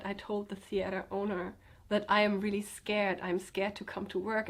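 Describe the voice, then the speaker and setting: A young woman speaking to camera in a halting, hesitant way, with many pauses and fillers, telling a personal story. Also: mid-range voice. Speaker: vlogger.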